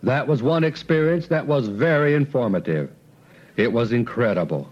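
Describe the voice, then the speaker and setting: Deliberate man reading aloud, lo-fi. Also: mid-range voice, lively intonation. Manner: slow, deliberate, solemn delivery with emphatic pauses. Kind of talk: reading a quoted speech aloud. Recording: dull lo-fi recording.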